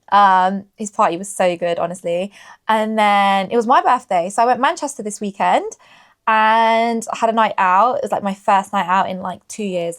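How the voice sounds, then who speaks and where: A young woman co-hosting a podcast, chatting casually and rambling with lots of fillers. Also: medium pitch. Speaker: podcast co-host. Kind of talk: casual chat.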